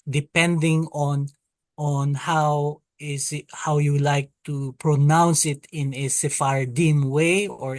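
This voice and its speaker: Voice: mid-range voice, dry recording. A teacher leading an online Hebrew alphabet class, patiently repeating vowel sounds and calling on students to read. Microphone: video call.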